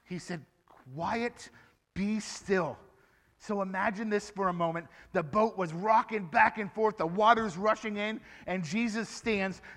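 A man giving a lively children's sermon in church, asking the children questions and acting out the story for them. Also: high-pitched, normal speed, hardly any pauses, big-room sound. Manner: animated, asks the children questions. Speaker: children's pastor.

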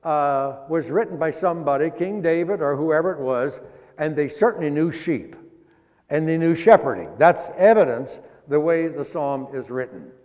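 A man's voice: a little high, animated, a little mellow. Man preaching in a reverberant church. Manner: folksy, drawn-out emphasis on key words. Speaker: pastor. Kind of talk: sermon. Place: church sanctuary.

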